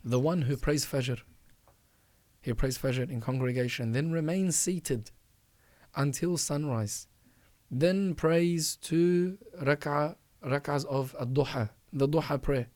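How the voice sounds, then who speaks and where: A man speaking at a middle pitch gives earnest religious advice as a podcast host. He presses his points by repeating phrases and urging the listener directly. The recording is dry and close, with no room sound. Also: a little slow, a little mellow, no room sound.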